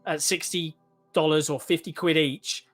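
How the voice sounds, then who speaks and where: A man's voice: a little high, level tone, a little slow, fairly bright tone, soft background music. A British man, a guest commentator on a live stream, chatting casually and animatedly, with a cryptic tone and casual swearing. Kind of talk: casual panel chat.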